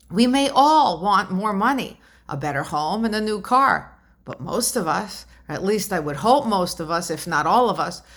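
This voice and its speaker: A woman's voice: mid-range voice, fairly bright tone. A woman delivering a political commentary monologue to her viewers, indignant and rhetorical, with emphatic repeated questions. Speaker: commentary vlogger.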